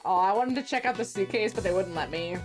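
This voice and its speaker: A woman's voice: mid-range voice, fast talker. A woman streamer giving casual, chatty gameplay commentary with self-mocking asides. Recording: game music under voice. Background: game music.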